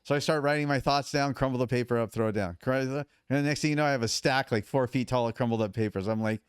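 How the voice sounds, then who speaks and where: Smooth-voiced man telling a story. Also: medium pitch, quick pace, no room sound, studio quality. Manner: animated, acts out quotes of others. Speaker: podcast guest. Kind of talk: casual storytelling.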